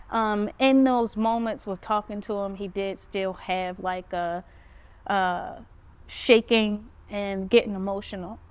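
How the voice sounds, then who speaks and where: A woman hosting a podcast, casually recounting a story and jumping her pitch up high when she quotes herself. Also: clean tone. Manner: animated retelling, pitch jumps up when quoting herself. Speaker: podcast host. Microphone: phone.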